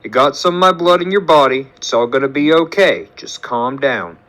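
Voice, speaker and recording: A man voicing a huge, gruff but protective green brute who talks low and steady. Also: normal speed, lightly acted. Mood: reassuring.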